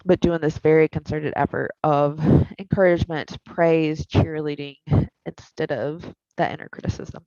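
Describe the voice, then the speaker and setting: A woman therapist teaches a skills class, candid and conversational, her fairly low voice gravelly and swinging widely in pitch. The recording is dry and a little dull. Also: fairly even intonation, moderate pace, mellow, dry recording.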